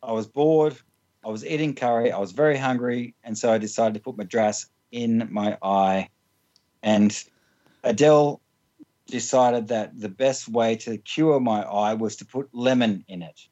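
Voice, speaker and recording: Unhurried and warm in a mid-range voice, a guest in an interview rambles through funny stories about himself. He laughs often, uses lots of "like," and restarts frequently, on dull-sounding audio.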